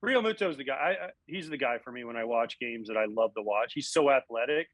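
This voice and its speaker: Lively storytelling former ballplayer. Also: male voice, medium pitch, fast, no room sound, low-quality recording. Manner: animated, acts out quotes. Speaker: guest, former catcher and analyst. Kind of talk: casual storytelling interview.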